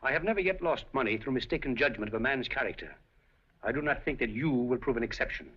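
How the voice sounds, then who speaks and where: An actor playing a suave, scheming café proprietor in a 1930s film, speaking in an urbane, deliberate way. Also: male voice, medium pitch, lively intonation, breathy edge. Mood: sly. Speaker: café owner. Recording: dull 1930s film soundtrack.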